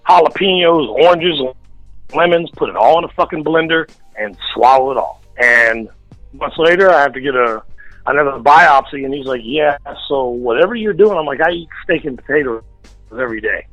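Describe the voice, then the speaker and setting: A man's voice: fairly high pitch, normal speed, fairly bright tone, dry recording, soft background music, rough recording. A man telling a story in a casual radio interview, blunt and heavy on the profanity. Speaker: guest. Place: radio studio.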